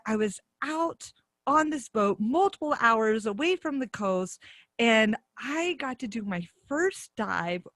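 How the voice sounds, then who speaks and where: A young woman telling a personal story on stage, animated and often laughing. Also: on the high side, no room sound.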